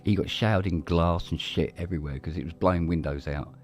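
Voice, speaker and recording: A man's voice: low-pitched, fairly even intonation, a little fast, soft background music. A middle-aged man telling a rambling story in casual chat, swearing freely and restarting his sentences. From London, England. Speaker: podcast co-host.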